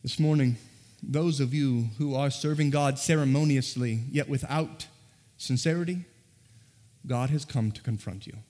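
Earnest preacher in a reverberant church. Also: male voice, mid-range voice. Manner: earnest, presses listeners with rhetorical questions. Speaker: pastor. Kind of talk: sermon. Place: church sanctuary. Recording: long reverb of a large church hall.

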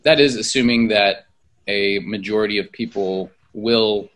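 Church leader guy explaining stuff, plain talk, clears his throat a lot. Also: lowish voice, unhurried, a bit bright. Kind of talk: casual church discussion.

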